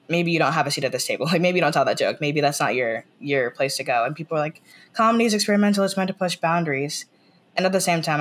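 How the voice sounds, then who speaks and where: An American woman chatting as a podcast guest. She rambles, fills her talk with "like" and restarts, and retells scenes by quoting the lines. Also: low voice. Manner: rambling, full of "like" fillers and restarts. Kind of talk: casual podcast chat.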